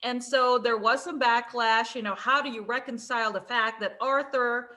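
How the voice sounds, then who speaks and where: Woman co-host, bright voice, slightly high, laughs a lot, trivia-minded. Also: steady tone, moderate pace. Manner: laughs often, adds trivia. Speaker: podcast co-host. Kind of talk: casual film chat.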